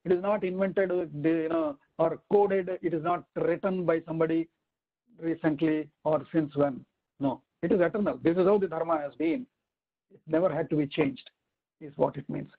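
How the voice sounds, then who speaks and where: A man teaching a weekly scripture class, explaining step by step with rhetorical questions and slow recitations. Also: a little high, narrow, tinny audio. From India. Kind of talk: weekly online scripture lesson.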